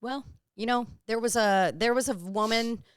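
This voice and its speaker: A woman's voice: a little high, normal speed, clear, resonant tone, dry recording, clean studio sound. A young woman co-hosting a podcast, rambling through a story in casual chat and swearing freely. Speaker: podcast co-host.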